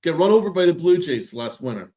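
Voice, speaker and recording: Man, slightly higher voice, sarcastic ranting podcast host, exasperated and profane. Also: sing-song, a little fast, dark tone. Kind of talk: ranting sports commentary.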